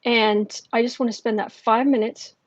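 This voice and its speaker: A woman hosting a livestream as a tarot reader, chatting casually with many fillers and restarts, speaking softly and gently and sometimes dropping to a near whisper. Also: on the high side, fairly even intonation, normal speed, no echo, highs cut off. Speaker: tarot reader and channel host.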